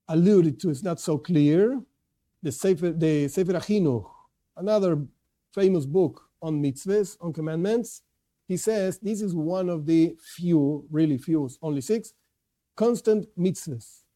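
Male lecturer, religious class, earnest and emphatic, voice pitched somewhat high. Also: unhurried, mellow. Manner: earnest, stresses key words, repeats and restarts. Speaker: Torah teacher.

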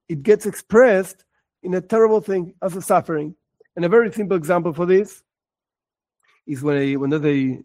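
High-voiced man teaching an expressive lesson. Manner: expressive, acts out scenes and repeats words for emphasis. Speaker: religious teacher. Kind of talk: spoken lesson on religious texts.

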